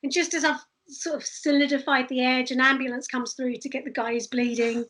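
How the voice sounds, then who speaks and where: Brief: woman with a bright, high voice, animated storyteller who laughs often as an interview guest. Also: fairly quick, poor audio. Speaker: street performer guest.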